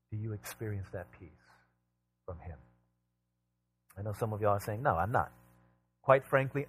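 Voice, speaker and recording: Husky-voiced preacher man, rising and falling. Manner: rises to emphatic repeated questions, drops low for tender asides; tells a homey family anecdote. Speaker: pastor. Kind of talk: sermon.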